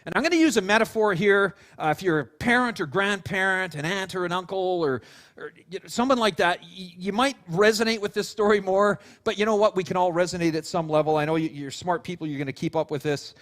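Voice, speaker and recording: Man preaching a sermon, higher-pitched voice, animated storytelling, casual fillers, acts out quotes. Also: a little fast. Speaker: pastor.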